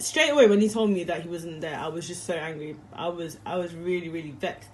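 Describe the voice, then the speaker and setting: A woman's voice: lowish voice, a little fast, hardly any pauses, a little mellow. A young woman telling a story to camera in a rambling, slangy, chatty way and laughing easily. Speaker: vlogger.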